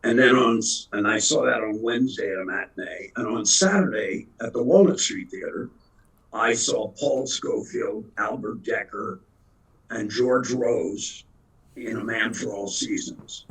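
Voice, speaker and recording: A husky, somewhat low-voiced actor in his seventies guests on an interview, spinning rambling anecdotes at his own expense. He speaks a little slowly with a slightly bright tone, and the audio quality is poor.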